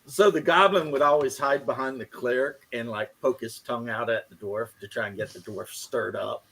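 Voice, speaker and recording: A man who runs tabletop games, telling a story in relaxed casual chat. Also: mid-range voice, moderate pace, vocal fry, a little hiss or hum. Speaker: game master.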